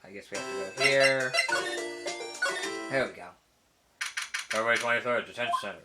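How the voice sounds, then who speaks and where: A woman casually commenting on a video game she is playing, rambling and amused, speaking low and loose. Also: normal speed, poor audio. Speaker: let's play host. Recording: game music underneath. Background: game music.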